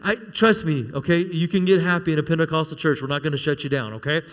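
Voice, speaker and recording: Guy pastor preaching w/ jokes, kinda high voice, big reverby room. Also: quick pace. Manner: storytelling with humor, calls for amen. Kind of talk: sermon.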